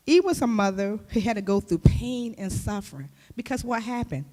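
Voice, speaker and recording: A woman giving a conversational sermon as a church speaker and youth teacher, who talks in a lively way and keeps asking her listeners questions. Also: a little high, normal speed, faint music behind. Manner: lively, with rhetorical questions to the audience. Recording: long hall reverb.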